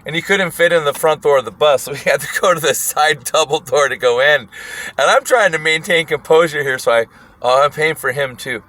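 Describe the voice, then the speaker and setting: A man casually telling a wild story, animated and profane, often breaking into laughter. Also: fairly high pitch, a little fast.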